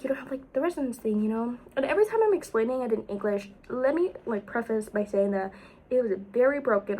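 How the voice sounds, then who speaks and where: A young woman telling a rambling storytime vlog, full of fillers, jumping between loud exclaims and whispers. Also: on the high side, slight background noise, low-quality recording. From United States. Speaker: vlogger.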